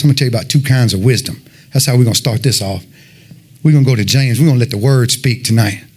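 A man giving a fervent sermon and personal testimony, telling his story in an animated way and peppering it with "man.". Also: medium pitch, husky. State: sweating, winded after worship. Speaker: lay preacher giving testimony.

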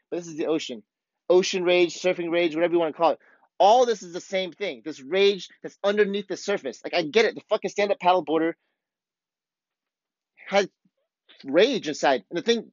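A man with a slightly raised pitch hosts his podcast in a blunt, profane, worked-up monologue. The room is dead dry and the sound is a bit muffled. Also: dry recording. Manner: blunt, profane, fired-up ranting. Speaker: podcast host. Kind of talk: casual monologue.

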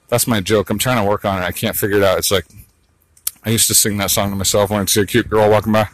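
A man's voice: fairly low pitch, level tone, fast, low-quality recording. A man talking to his phone while walking outdoors, rambling and crude, muttering asides to himself. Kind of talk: rambling monologue vlog.

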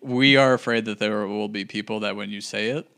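A man's voice: on the low side, steady tone, brisk, gravelly, a bit bright. A young man from Wisconsin telling stories in casual chat, rambling with lots of fillers. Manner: rambling, filler-heavy storytelling. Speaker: church staff member.

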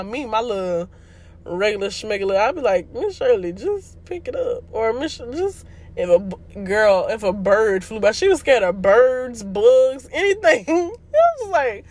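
A woman's voice: medium pitch, a little mellow. A young woman hosting a podcast, talking in a chatty, slangy way with frequent laughter. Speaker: podcast host. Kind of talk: casual chat.

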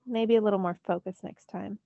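A woman reading a storybook's calm, commanding male god mentor, speaking steadily and a little lower and softer than her narration. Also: brisk, creaky, dry recording, narrow, tinny audio, natural voice.

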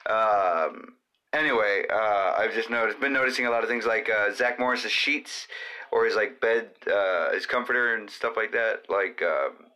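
Man, solo podcast host, rambling casual chat, lots of ums, somewhat low voice, bright edge. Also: normal speed. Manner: rambling, with many fillers and asides to his cat.

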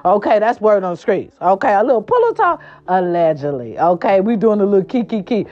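A woman hosting a casual gossip show, sassy and animated, swearing freely, with a hoarse voice from a sore throat. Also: mid-range voice, a little fast, muffled recording. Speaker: host.

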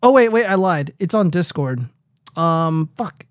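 A man's voice: fairly high pitch, expressive, unhurried, dry recording, clean studio sound. A young man hosting a casual livestream, rambling and swearing freely as he reads viewer comments aloud. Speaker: stream host.

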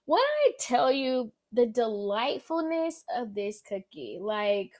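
A woman's voice: a little high, takes it slowly. A woman with a Southern accent hosting a casual solo food-review podcast, chatty and full of "like" and "um," humming as she tastes. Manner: chatty, many fillers and likes; animated, savoring with hums. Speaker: podcast host.

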